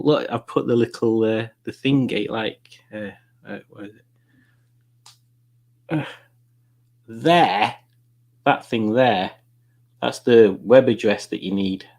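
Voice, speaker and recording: A man hosting a casual live-stream quiz night, reading viewer comments aloud in a jokey, rambling way. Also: on the low side. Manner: jokey, rambling, chuckling at puns.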